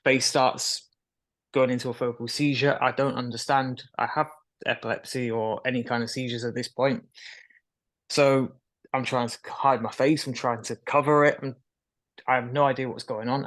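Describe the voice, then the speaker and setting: A young adult man, a guest in a candid conversational interview, tells his story frankly with occasional nervous laughs. His voice is mid-range and a bit bright.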